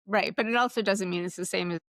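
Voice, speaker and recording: A woman podcast host in a conversational interview, thoughtful and measured, speaking with pauses. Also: mid-range voice, fairly bright tone, no room sound, studio quality.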